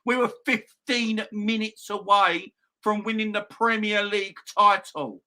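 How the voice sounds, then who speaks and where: A young man hosting a football fan channel, ranting loudly and excitably with plenty of swearing. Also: sits high, measured pace.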